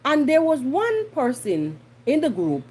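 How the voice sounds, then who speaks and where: A Jamaican woman hosting a podcast, giving blunt, animated commentary and slipping into patois. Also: high-pitched, unhurried. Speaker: podcast host. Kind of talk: casual commentary monologue.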